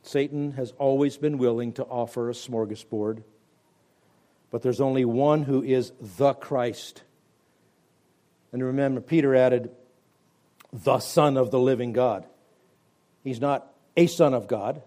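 Emphatic radio preacher, mellow man's voice. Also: steady tone, measured pace, long pauses. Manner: emphatic preaching with wide swings from loud stresses to quiet, low endings. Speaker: pastor. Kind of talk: radio Bible teaching.

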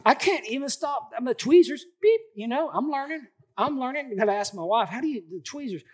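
A man in his late forties preaching a sermon, lively and colloquial, often repeating emphatic phrases. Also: very high-pitched, a little fast, slightly rough. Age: 40s. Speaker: pastor.

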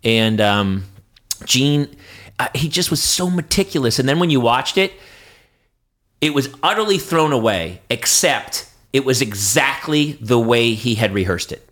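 A man from New Hampshire and Boston, an actor and improviser, telling lively show-business stories in a casual chat, swearing freely and jumping his pitch for quoted voices. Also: measured pace. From New Hampshire and Boston, USA.

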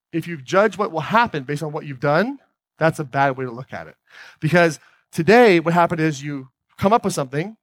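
An energetic man speaking from a stage, his voice sitting a little high for a man. He keeps turning to the audience with quick questions. The sound is dry, with almost no room around it. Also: dry recording. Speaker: motivational speaker. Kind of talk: live motivational talk on stage.

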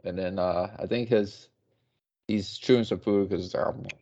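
A man's voice: fairly low pitch, steady tone, a little slow, mellow. A man chatting casually and narrating a comic with loose fillers. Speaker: co-host reading a comic aloud. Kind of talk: casual chat. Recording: dull lo-fi recording.

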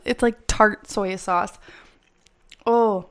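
Young Canadian woman, podcast host, chatty and animated, casual solo delivery. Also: mid-range voice, normal speed. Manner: chatty and animated, talks straight to listeners.

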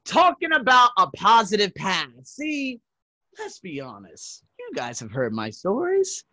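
Animated man telling stories on a podcast. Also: sits high, unhurried, dry recording. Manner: animated, swings loud and soft, laughs, swears. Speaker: podcast host. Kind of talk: casual storytelling monologue.

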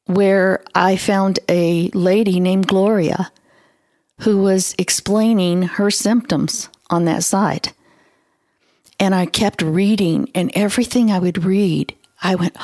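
A middle-aged woman hosting a podcast, telling her own story in an earnest, expressive way that often speeds up. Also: fairly low pitch. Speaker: podcast host. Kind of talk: personal storytelling monologue.

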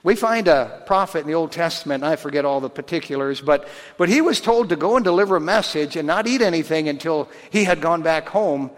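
A man preaching a sermon with a high, bright voice, his words ringing out in a hall with a long reverb. He talks in a folksy, animated way and acts out the voices of the people in his stories. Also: brisk.

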